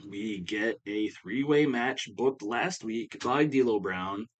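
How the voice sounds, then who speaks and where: A man with a somewhat low voice talks through a wrestling-sim recap in a loose, offhand way. He rambles and leans on fillers like "you know" and "uh," as if thinking out loud. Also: slow, low-quality recording. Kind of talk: casual play-by-play recap.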